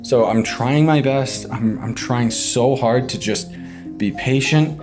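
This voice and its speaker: A man's voice: mid-range voice, slow, over music. A young man, a new father, talking frankly on a casual home vlog, stressed and swearing freely. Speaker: vlogger, father of a baby.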